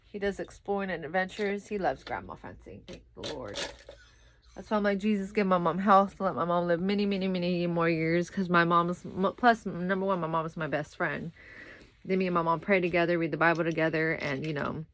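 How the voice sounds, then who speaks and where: A young woman talks in a loose, rambling way, sounding worn out. Her voice sits a little low. Faint noise hums behind her. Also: a little fast, fairly bright tone. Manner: rambling, chatty, breaks off to talk to her toddler. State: tired. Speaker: vlogger. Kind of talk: casual chat to camera.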